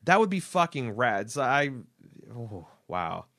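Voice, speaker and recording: Man, podcast co-host, lively swooping delivery, loose and profane, reads mail aloud. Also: medium pitch, measured pace. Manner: animated, swears freely, reads listener emails aloud. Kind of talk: casual chat.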